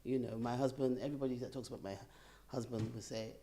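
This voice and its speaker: A middle-aged woman telling a personal story in a group conversation, animated and laughing as she talks. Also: rumbling low, fast talker, a little hiss or hum. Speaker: bereaved participant.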